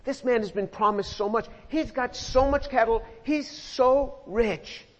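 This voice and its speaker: A man preaching a sermon, expressive and slowing down to stress key words. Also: extremely high pitch. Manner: expressive preaching, slows down for emphasis. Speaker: pastor. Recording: dull sound with long hall reverb.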